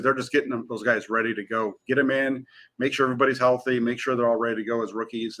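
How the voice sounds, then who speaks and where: Male sports reporter co-host, rapid and eager, bright forceful tone. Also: mid-range voice. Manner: eager and energetic, frequent fillers. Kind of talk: casual sports talk.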